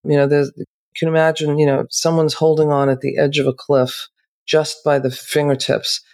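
A woman talking as a therapist on a podcast, calm and measured, slowing down to make her points. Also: deep voice. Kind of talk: reflective podcast conversation.

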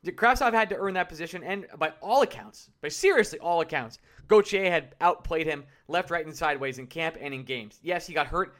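A man co-hosting a sports podcast, ranting in animated bursts and repeating points for emphasis. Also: on the high side, a little fast, hardly any pauses. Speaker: podcast co-host. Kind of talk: casual sports chat.

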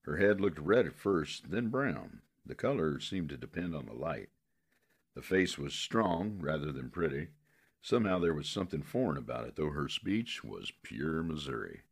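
A man narrating a western novel in a steady, measured way. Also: extremely low pitch, slightly rough.

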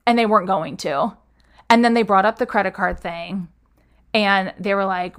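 A woman's voice: medium pitch, fairly even intonation, moderate pace, fairly bright tone, clear, resonant tone. Chatty young woman telling a story. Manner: chatty, full of "like" fillers, acts out quoted dialogue. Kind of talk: casual storytelling chat.

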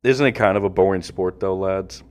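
A man co-hosting a podcast, calling baseball pitches between crude, joking banter with friends. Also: moderate pace, smooth. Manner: crude, joking, bursts into excited yelling. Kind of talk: casual banter with play-by-play.

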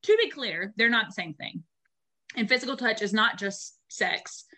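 A young woman co-hosting a podcast, chatting casually and swearing freely as she tells animated stories with acted-out quotes. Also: fairly high pitch, moderate pace. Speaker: podcast co-host. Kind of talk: casual chat.

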